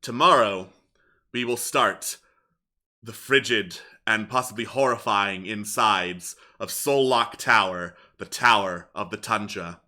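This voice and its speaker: Male game master, very bright voice, narrates scenes, fills pauses with "uh". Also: fairly low pitch. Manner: descriptive narration with frequent fillers.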